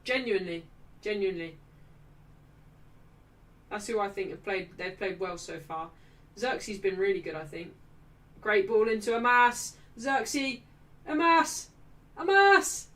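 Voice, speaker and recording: A young woman runs a live football watchalong, reacting with excitement and reading out messages from chat. Her voice is bright and forceful. She sits a little back from the microphone. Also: medium pitch, unhurried, pauses often, distant mic.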